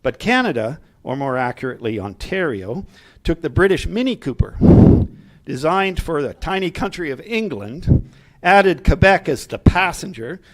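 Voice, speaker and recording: A man's voice: fairly high pitch, sing-song, normal speed. Earnest man reading a speech. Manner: earnest, with asides and light humor to the room. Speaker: speaker at a political gathering. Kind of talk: reading a prepared speech to a live audience.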